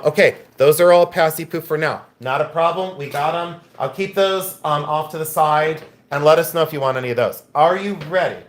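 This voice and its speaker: Between lots in his live-stream sale, this American auction host rambles and pokes fun at viewers in casual sales chat. His voice runs on the high side with a fairly bright tone.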